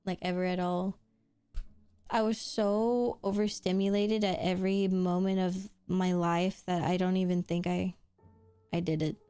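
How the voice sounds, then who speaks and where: Woman streamer, casual chat while drawing; unhurried, clean smooth tone, giggly, swears a bit. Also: fairly low pitch, flat delivery, warm tone, faint music behind.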